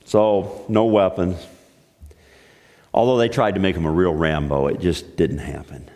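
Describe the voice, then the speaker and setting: A man's voice: sits low, steady tone, a little slow, mellow. A man preaching a sermon, telling the story in a playful, joking way. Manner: playful, jokey. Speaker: pastor. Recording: echoey hall.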